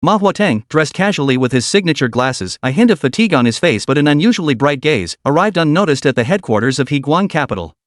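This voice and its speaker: A male narrator reads a scripted story recap in a fairly high voice. His delivery is dramatic yet steady. The sound is close and dry, with no room around it. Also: quick pace, hardly any pauses, dry recording.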